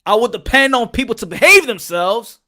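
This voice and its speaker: A man from Texas hosting a casual boxing opinion vlog, talking in an animated, repetitive, profane way. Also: extremely high pitch, a little fast. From Texas, USA. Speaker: boxing commentator and host.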